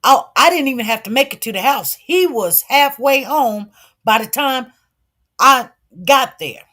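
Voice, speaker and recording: A woman commentator with a fairly high voice talks straight to her livestream viewers. She tells her story in an animated, repetitive way and acts out the dialogue. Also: unhurried. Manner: animated, repeats herself, acts out quoted dialogue; addresses viewers directly.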